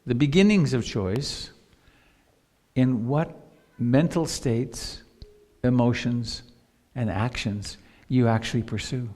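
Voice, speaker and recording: A man's voice: medium pitch, slow pace, mellow. A man in his sixties, a meditation teacher giving a live dharma talk, telling personal stories reflectively. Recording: long hall reverb, live stream.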